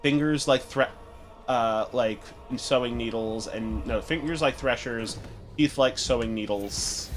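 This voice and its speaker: A man's voice: medium pitch, measured pace, faint music behind. A man hosting a casual gaming stream, rambling through a story with lots of fillers. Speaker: stream host playing the game.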